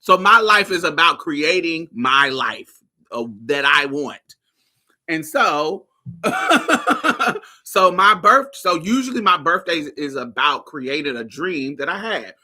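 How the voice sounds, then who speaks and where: A woman from Indiana hosting a podcast, telling personal stories in a casual, profane, animated way and laughing often. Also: deep voice, slow. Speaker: podcast host. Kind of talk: casual storytelling monologue.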